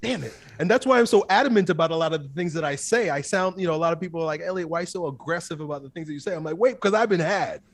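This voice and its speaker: A man in his thirties, a guest in an interview, telling a personal story in an intense, emphatic way with quick bursts. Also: fairly high pitch.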